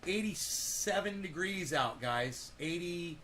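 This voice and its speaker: A rambling, playful man talks casually on a livestream, swearing freely. His voice sits a bit high for a man. Faint noise hums behind him. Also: lively intonation, slow, sharp tone. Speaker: vlogger.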